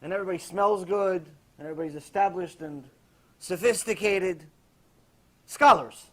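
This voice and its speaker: Male rabbi, very high voice, animated storytelling sermon with a sarcastic edge. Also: fairly quick. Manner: animated storytelling with acted quotes.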